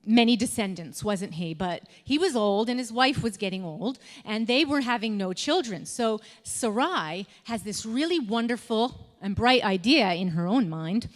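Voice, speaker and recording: A tired mom telling a Bible story to children in a church hall, chatty and checking in with "okay?" all the time. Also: female voice, on the high side, lively intonation, normal speed, few pauses. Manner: chatty, keeps checking in with 'okay?'. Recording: echoey hall with long reverb.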